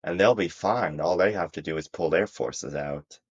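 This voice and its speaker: A man's voice: sits low, moderate pace, muffled recording. A man voicing a sly, hooded shadowy male schemer who talks in a smug, manipulative way. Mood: persuasive. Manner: smug, manipulative, soft chuckling tone.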